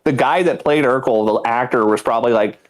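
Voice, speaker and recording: A man's voice: medium pitch, a little fast. A young adult man co-hosting a podcast, swearing freely and laughing through crude banter. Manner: crude, profane, laughing, jumping into voices. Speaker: podcast co-host.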